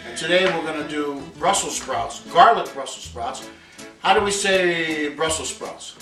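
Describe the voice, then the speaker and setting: A man's voice: a little high, expressive, brisk. Chatty cooking-show man, echoey kitchen. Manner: chatty, sprinkles in Italian words. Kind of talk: casual cooking demonstration. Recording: echoey kitchen with background music.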